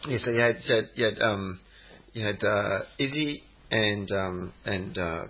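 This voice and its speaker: A man's voice: on the low side, a little slow. A man co-hosting a football podcast, rambling casually with plenty of ums and hesitations. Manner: rambling, hesitant, many ums, animated when telling stories. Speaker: podcast co-host. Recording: dull lo-fi podcast audio.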